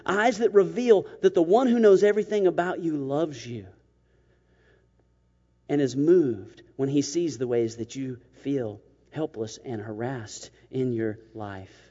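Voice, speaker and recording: A man preaching a sermon in a conversational, humorous way, acting out quick asides. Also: on the high side, warm tone. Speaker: pastor. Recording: dull sound with long hall reverb.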